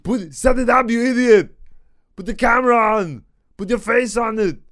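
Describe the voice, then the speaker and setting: A man doing an impression of a gruff action-hero film star, barking loud commands. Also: extremely high pitch, moderate pace, pitched above the performer's own voice.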